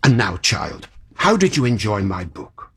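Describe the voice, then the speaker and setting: An actor playing a kindly, fussy old magician in a radio drama, chatty and musing, sighing and yawning, with a breathy, husky voice. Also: male voice, lowish voice, sing-song, measured pace, heavily acted. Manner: chatty and musing, with sighs and yawns.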